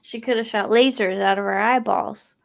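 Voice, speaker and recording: A woman's voice: mid-range voice, fairly even intonation, normal speed, vocal fry. A woman co-hosting a podcast, chatting casually with teasing asides and frequent giggles. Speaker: podcast co-host. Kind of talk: casual joking chat.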